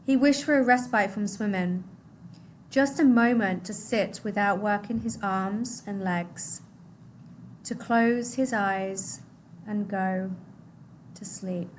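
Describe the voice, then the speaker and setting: Slow, expressive woman reading a novel aloud. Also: a little hiss or hum. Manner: expressive, dropping low and soft at sad moments.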